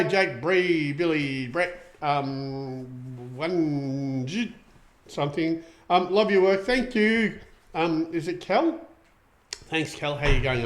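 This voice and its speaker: A middle-aged Australian man hosting a casual livestream show, rambling and chatty with lots of ums as he reads out viewer comments. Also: on the high side. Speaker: show host.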